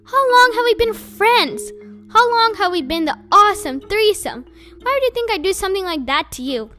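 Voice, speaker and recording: A woman's voice: very high-pitched, very animated, moderate pace, bright, forceful tone, soft background music, heavily acted. A woman reading an audiobook, voicing an earnest teenage boy defending himself to his friend. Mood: pleading. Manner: pleading, earnest.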